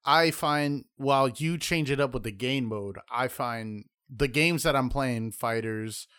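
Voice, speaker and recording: A man's voice: medium pitch, a little slow, a bit bright, clear, resonant tone, dry recording, studio quality. A man co-hosting a podcast, chatting casually in a blunt, profane way. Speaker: podcast co-host.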